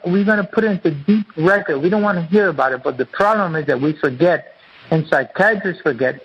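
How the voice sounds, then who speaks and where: A man's voice: high-pitched, a bit bright, dull audio, slight background noise. A man guest, an author and acupuncturist, explaining his teaching in an earnest, repetitive, teacherly way during an interview.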